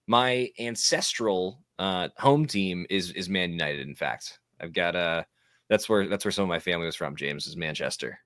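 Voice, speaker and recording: A very low-pitched man chatting through a live tennis match, joking and riffing with his co-host. His voice sounds dry and close to the mic, with no room around it. He talks like a relaxed, playful commentator. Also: dry recording. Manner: playful, jokey, quick to riff. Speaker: watchalong co-host. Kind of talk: casual live commentary chat.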